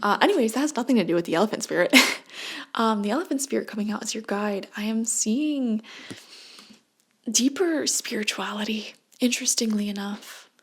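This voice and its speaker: A woman giving a casual tarot reading at home late at night, talking in a hushed voice that often drops to a whisper, chatty and prone to tangents. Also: fairly high pitch, expressive, a little fast, husky. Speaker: tarot reader.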